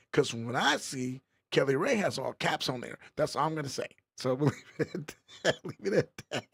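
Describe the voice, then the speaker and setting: A man's voice: high-pitched, creaky. A man hosting a casual livestream podcast, playfully teasing and reading chat comments aloud. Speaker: podcast host.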